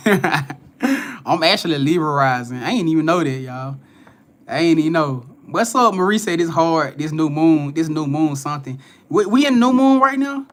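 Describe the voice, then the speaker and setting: A man's voice: on the high side, a bit bright. Laid-back young man chatting on a live stream. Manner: laid-back slangy talk, greeting viewers by name, frequent swearing and laughs. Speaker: spiritual card reader hosting a live stream. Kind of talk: casual live-stream chat.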